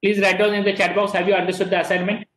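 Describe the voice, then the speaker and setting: Indian male teacher, high voice, echoey. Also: flat delivery, racing, fairly bright tone. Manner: repeats words, mixes Hindi and English. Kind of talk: online class lecture. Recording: echoey room.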